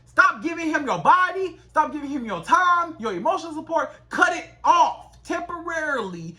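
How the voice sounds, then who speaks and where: A woman relationship coach giving direct advice to women, animated and acting out quoted exchanges. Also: high-pitched, moderate pace.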